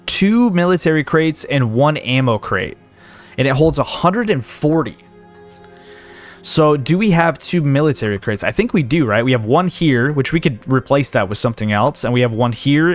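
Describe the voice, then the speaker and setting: A man's voice: mid-range voice, animated, normal speed, soft background music. A man hosting a gaming video, rambling and thinking aloud as he sorts through his inventory, with a case of the hiccups. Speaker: gaming channel host. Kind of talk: casual let's play commentary.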